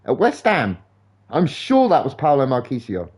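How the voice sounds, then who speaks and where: A young man streaming a game live, rambling in sweary, animated football banter. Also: mid-range voice, moderate pace. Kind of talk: casual chat while gaming live.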